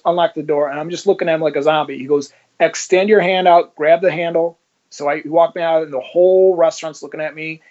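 A man's voice: a little high, a little mellow. A man telling his own story in an interview, swearing and acting out every exchange. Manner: vivid, swears, acts out dialogue. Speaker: interview guest. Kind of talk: personal storytelling. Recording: dull lo-fi sound.

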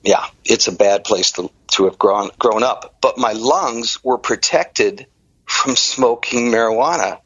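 A middle-aged man from the Detroit area, telling his own story in an interview as an animated, energetic storyteller. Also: fairly low pitch, unhurried, slightly rough, dry recording. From Detroit area, Michigan. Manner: animated, energetic storyteller who acts out dialogue. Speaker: interview guest. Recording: dry, slightly muffled audio.

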